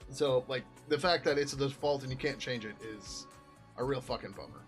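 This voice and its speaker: A man of ordinary mid-range pitch talks through his code on a live stream in a loose, offhand way. He trails off, restarts and swears casually as he goes. Soft music plays faintly behind him. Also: fairly quick. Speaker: software developer streaming his work.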